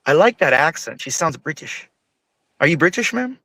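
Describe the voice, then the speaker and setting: A man's voice: a little high, sing-song, normal speed, pushed and bright, slight background noise, low-quality recording. A man chatting as a livestream guest, rambling eagerly and repeatedly addressing the host by name. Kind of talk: casual chat.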